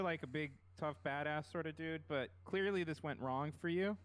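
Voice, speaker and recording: A man's voice: fairly high pitch, moderate pace, fairly bright tone, clear, resonant tone. A man playing a tabletop game, talking casually, with hesitant stammers and a playful tone. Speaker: player. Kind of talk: casual tabletop gaming chat.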